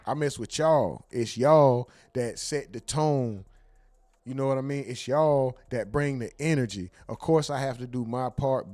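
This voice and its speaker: A man's voice: mid-range voice, darkish tone, no echo. A man hosting a livestream in a loose, profane, slangy way, thanking viewers and reading out their donations. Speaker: livestream host.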